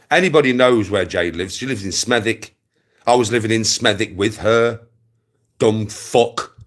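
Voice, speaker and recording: A young man ranting aggressively to his livestream viewers, swearing and repeating himself. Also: mid-range voice. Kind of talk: angry rant to camera.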